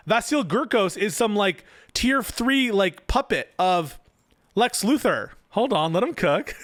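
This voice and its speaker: A male commentator reacts to a written post, firing off incredulous, sarcastic rebuttals. His voice sits a little high. The sound is dry, with no room echo. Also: very animated, slow, fairly bright tone. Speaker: political commentator.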